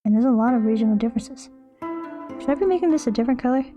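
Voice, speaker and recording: A woman's voice: a little high, expressive, racing, music in the background. A young woman streaming, chatting casually and playfully with her chat as she draws, rambling and restarting her sentences.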